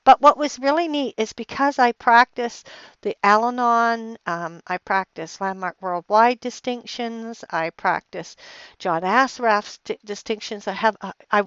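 A woman's voice: on the high side, a bit bright, clean tone, no echo. Rambling, heated middle-aged woman podcaster. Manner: rambling, full of restarts and fillers; heated and emphatic when retelling anger. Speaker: podcast host. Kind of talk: personal storytelling monologue. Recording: dull, lo-fi dry recording.

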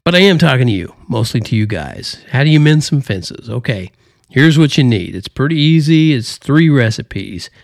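A man's voice: mid-range voice, big pitch swings, moderate pace, vocal fry, dry recording. Male podcast host, put-on Southern drawl, folksy joker, dry close-mic sound. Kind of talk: folksy casual monologue.

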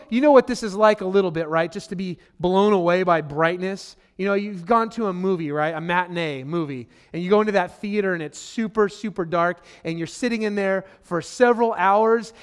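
A pastor delivers his sermon in a notably high male voice. He is earnest and emphatic, leans on repeated phrases for weight, and keeps turning to the congregation as friends. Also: clear, resonant tone. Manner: addresses listeners directly as friend.

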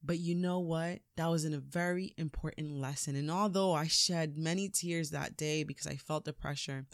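Woman doing a pep-talk podcast, preachy and lively, dry sound. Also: sits low, normal speed, no echo. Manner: energetic, preachy, laughs often. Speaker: podcast host, motivational speaker. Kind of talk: motivational talk.

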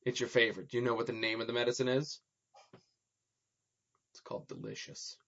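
A man's voice: medium pitch, level tone, racing, a bit bright. A man talking playfully and teasingly to his child in casual chat. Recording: dull lo-fi sound.

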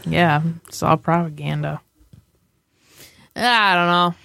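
A woman's voice: sits low, slow pace, gravelly, sharp tone, dry recording, studio quality. A woman co-hosting a podcast in casual chat, joking and laughing often. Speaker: podcast co-host.

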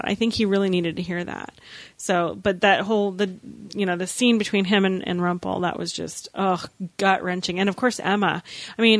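A woman's voice: medium pitch, no room sound. Woman podcast cohost, chatty, acts out the quotes, dry close mic. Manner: animated, acts out quoted lines, many restarts. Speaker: podcast co-host. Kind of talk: casual chat recapping a TV episode.

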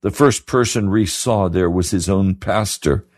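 A man's voice: sits low, unhurried, a little hiss or hum. A man preaching a radio sermon, earnest and pleading, repeating his questions to the listener. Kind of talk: sermon broadcast.

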